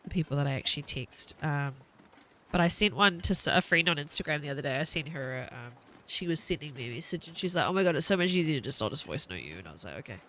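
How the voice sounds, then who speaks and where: Woman, new zealand accent, thirties, casual game stream chat, bright tense tone. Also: sits low, lively intonation, fast, a little hiss or hum. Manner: chatty, rambling, laughs often.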